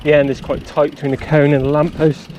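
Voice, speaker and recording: A man talks through riding moves step by step as he rides outdoors in town. His voice sits a little high for a man, with a faint hum behind him. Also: little pitch movement, fairly quick. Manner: encouraging, talks through each move step by step. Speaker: riding skills presenter. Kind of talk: instructional talk while riding.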